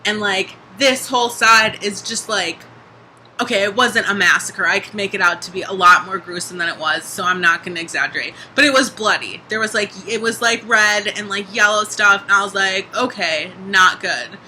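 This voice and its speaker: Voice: medium pitch, fairly even intonation, moderate pace, pushed and bright, a little hiss or hum, low-quality recording. A young adult vlogger talking casually in a video diary, chatty, full of "like" and casual swearing.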